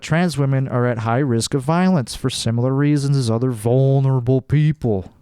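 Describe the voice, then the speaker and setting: A young male podcast host reads an article aloud and jokes in a loose, rambling way. His voice is gravelly but smooth. The sound is dry and close, as if spoken into a desk microphone at home. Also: medium pitch, mellow, no room sound. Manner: joking, rambling, says "dude" often. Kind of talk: casual commentary reading an article aloud.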